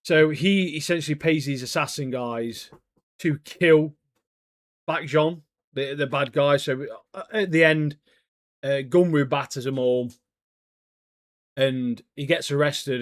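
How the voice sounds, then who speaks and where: A man's voice: medium pitch, a little slow, no room sound, studio quality. A man co-hosting a podcast, chatting casually in slang and acting out characters' lines. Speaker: podcast co-host. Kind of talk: casual chat.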